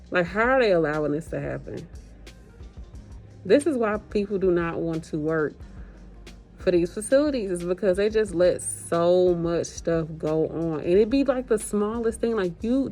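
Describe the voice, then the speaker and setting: A woman's voice: fairly low pitch, dark tone. A young woman nurse talking casually and exasperated to her viewers, addressing them as a group and swearing freely. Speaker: agency nurse vlogger. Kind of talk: casual vlog rant to viewers.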